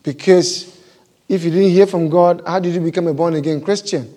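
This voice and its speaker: A man's voice: a little high, steady tone, normal speed, dark tone. A male pastor preaching a sermon, asking the congregation question after question.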